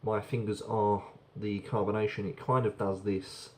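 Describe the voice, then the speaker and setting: A man's voice: lowish voice, little pitch movement, moderate pace, a little mellow, slight background noise. A man casually reviewing a beer on camera, chatty and rambling, often repeating words as he goes.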